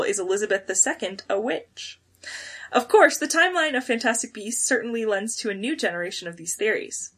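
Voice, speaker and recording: A woman co-hosting a podcast, chatting casually and reading listener comments aloud, quick and excitable. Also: medium pitch, breathy edge. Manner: quick, excitable, laughs often. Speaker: podcast co-host.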